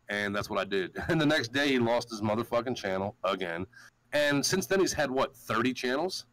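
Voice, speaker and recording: A man's voice: mid-range voice, expressive, a little fast, a bit bright, poor audio. A man hosting a podcast, ranting in a heated, profane, storytelling way. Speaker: show host. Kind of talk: casual podcast rant.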